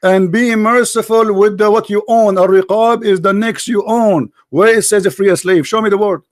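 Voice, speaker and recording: High-voiced, domineering debater. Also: male voice, fairly even intonation, normal speed, dry recording, poor audio. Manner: domineering, insulting, repeats himself. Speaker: debate host. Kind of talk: heated live online debate.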